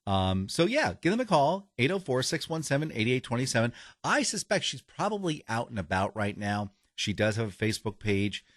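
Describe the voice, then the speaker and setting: A man's voice: mid-range voice, very animated, moderate pace, hardly any pauses, dry recording, clean studio sound. A man co-hosting a casual podcast, rambling and cutting himself off as he reads a sponsor spot. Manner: rambling, self-interrupting. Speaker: podcast co-host. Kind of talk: casual podcast chat with a read ad.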